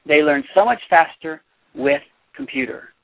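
A man reading a children's picture book aloud as a teacher, chatty and animated, stopping to explain. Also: on the high side, a little slow, creaky, no room sound. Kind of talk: read-aloud storytelling with commentary. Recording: dry, tinny phone-like sound.

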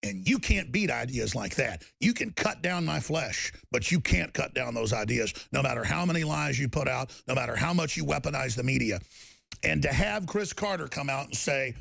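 Gravelly, combative male talk host. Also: medium pitch, very animated, moderate pace, no echo. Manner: emphatic and combative, swinging to shouted defiance. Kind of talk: heated talk-show rant.

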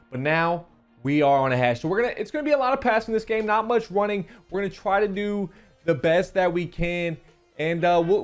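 A man giving casual video game commentary, rambling and chatty, often stumbling and repeating his words. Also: sits high. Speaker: gaming YouTuber. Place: home recording setup.

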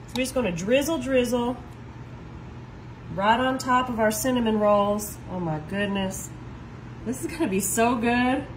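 High pitched lady showing a recipe, all chatty and excited, little hum in the background. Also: measured pace, low-quality recording. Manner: chatty and enthusiastic, often saying "y'all". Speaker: cooking video host. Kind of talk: casual cooking demonstration.

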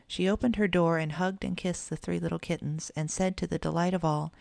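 A woman reads a children's bedtime story aloud in an even, measured way. Her voice is low and gravelly. The recording is close and completely dry. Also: dry recording. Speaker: narrator.

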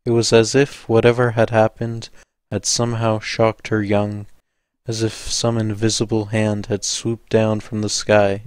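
Guy reading an audiobook, steady and measured, smooth voice, dry close sound. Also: on the low side, no room sound. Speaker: audiobook narrator. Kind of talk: audiobook narration.

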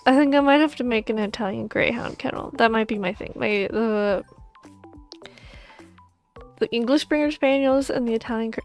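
A young woman streaming a pet game, gushing and cooing over the animals and often dropping into soft whispers. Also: on the high side, normal speed. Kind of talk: casual gaming stream chatter. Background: faint background music.

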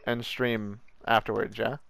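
Gravelly-voiced male streamer, casual profane banter with friends over a game. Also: lowish voice, flat delivery, a little slow, background noise. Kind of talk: casual gaming chat with friends.

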